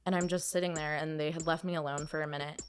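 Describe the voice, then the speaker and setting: A woman's voice: sits low, steady tone, fast talker, slight background noise. A young woman recounting a personal story on a podcast, hesitant, full of "like" and restarts. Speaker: podcast guest.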